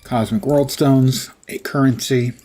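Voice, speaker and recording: Husky-voiced male streamer, dry sarcastic gameplay commentary. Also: mid-range voice, fairly even intonation, measured pace, mellow. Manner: sarcastic, wry asides to chat. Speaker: livestream gamer.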